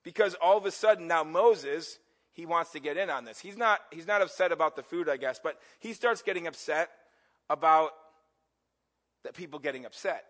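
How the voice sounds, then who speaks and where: A man's voice: on the high side, normal speed, fairly bright tone. A middle-aged male pastor preaching in a conversational way, often asking his listeners questions. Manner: conversational, asks the congregation questions. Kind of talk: sermon.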